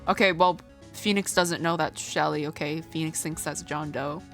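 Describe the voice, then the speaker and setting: A woman's voice: low-pitched, fairly even intonation, moderate pace, loud music behind the voice. A woman streaming a video game, thinking aloud in a chatty way full of "like"s. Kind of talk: casual game stream commentary.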